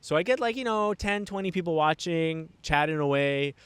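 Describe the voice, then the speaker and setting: A man's voice: fairly high pitch, normal speed, smooth, no echo. Rambling young man telling a story. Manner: rambling, animated, lots of fillers and self-restarts. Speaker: podcast guest. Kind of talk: casual storytelling chat.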